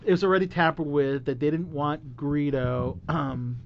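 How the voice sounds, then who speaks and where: A man's voice: on the high side, fairly even intonation, normal speed. A man hosting a podcast in casual chat, rambling with many fillers and laughing often. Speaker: podcast host. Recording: dull lo-fi recording.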